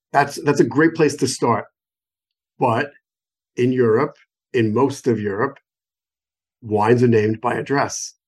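A slightly mellow, mid-range voice belongs to an American wine expert taking part in a phone call as a guest. His explanation is conversational, eager, and digressive, with many examples along the way.

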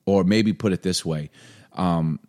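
A man's voice: low voice, unhurried, darkish tone. A man from Chicago, around his forties, co-hosting a casual podcast and reflecting in rolling, repeated phrases. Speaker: podcast co-host.

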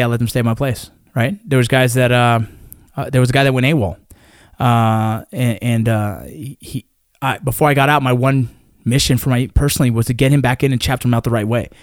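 A military veteran in his thirties or forties, appearing as a guest, talks in a blunt, profane, emphatic way during a casual conversation. His voice is mid-range, and the recording is dry with a clean studio sound.

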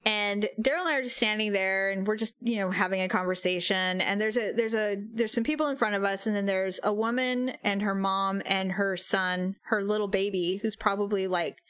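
A woman's voice: medium pitch, brisk, hardly any pauses, smooth, no echo, studio quality. A middle-aged woman co-hosting a podcast, telling a funny story in casual chat, acting out the voices of the people in it. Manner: animated storyteller, acts out quoted voices, laughs often. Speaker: podcast co-host.

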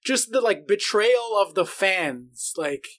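A man co-hosting a podcast in casual chat, swearing freely, animated and jokey. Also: sits high, takes it slowly. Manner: football fan. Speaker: podcast co-host.

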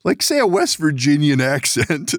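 A man's voice: fairly high pitch, sing-song, normal speed, dry recording, clean studio sound. A man hosting a podcast, telling rambling stories in casual chat, laughing often and swearing. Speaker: podcast host.

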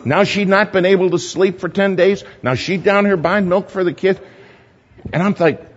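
A man preaching a sermon, telling a story animatedly, shifting between loud and hushed. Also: high-pitched, fairly even intonation, normal speed, a little hiss or hum. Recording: muffled hall recording with long reverb.

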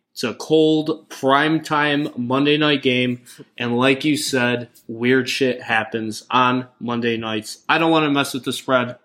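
A man's voice: mid-range voice, fairly bright tone. Blunt male sports betting podcast co-host. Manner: blunt and matter-of-fact, with crude jokes. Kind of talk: casual sports betting chat.

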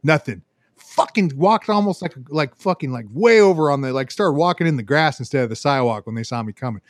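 A man's voice: a little high, fast talker, no echo, clean studio sound. A man telling a story in casual podcast chat, swearing a lot and acting out the voices of the people in it. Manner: profane, animated, acts out voices in his stories.

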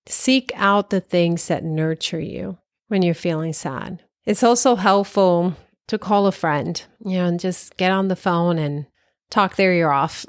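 A woman's voice: on the low side, unhurried, no room sound, clean studio sound. A woman talking directly to the listener with self-care advice, encouraging and often laughing lightly. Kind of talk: casual advice talk.

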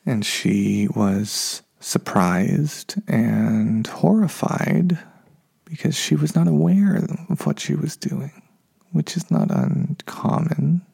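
A man hosting a podcast alone, talking unscripted in a low-key way, often correcting himself and sounding a little frustrated. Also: slow pace, vocal fry, a little mellow, husky. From United States. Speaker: podcast host. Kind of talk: solo podcast monologue.

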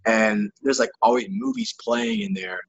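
A man's voice: sits high, sing-song, moderate pace, vocal fry, slightly rough, highs cut off, faint music behind. A young man, a touring musician, telling a rambling story in casual chat, with profane words and lots of filler.

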